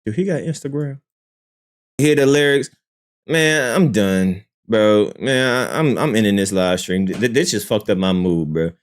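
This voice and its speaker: At a moderate pace, a live-stream host gives profane, exasperated commentary on a song, repeating himself often. He alternates between shouting outbursts and quiet muttering.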